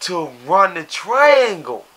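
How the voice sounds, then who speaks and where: A man's voice: high-pitched, big pitch swings, slow pace. Man calling time out over a crowd. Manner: calls for order, repeats phrases. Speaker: podcast guest. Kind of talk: casual group debate.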